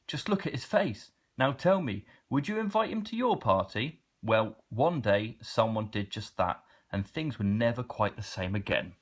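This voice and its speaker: A man reading a children's storybook aloud in a playful, expressive way. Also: medium pitch, normal speed, hardly any pauses, slightly rough. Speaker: storybook reader.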